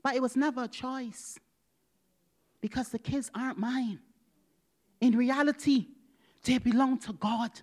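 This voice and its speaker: A woman preaching a personal testimony, dramatic, moving from loud exclamations to hushed whispers and acting out dialogue. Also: sits high, fairly even intonation, a little slow, pauses often. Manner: acts out quoted dialogue with God.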